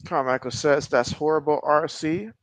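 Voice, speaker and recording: A man hosting a livestream and giving excitable play-by-play commentary as he watches a football game, reading viewer comments aloud between plays. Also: normal speed, no room sound. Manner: excitable, gets louder and higher during plays; reads viewer chat aloud. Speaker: livestream host.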